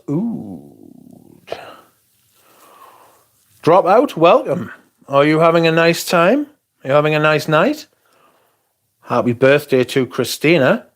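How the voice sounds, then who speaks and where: A man's voice: fairly high pitch, big pitch swings, slow pace, long pauses. A young man hosting a livestream, chatting casually, rambling and swearing as he reads comments aloud. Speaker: livestream host.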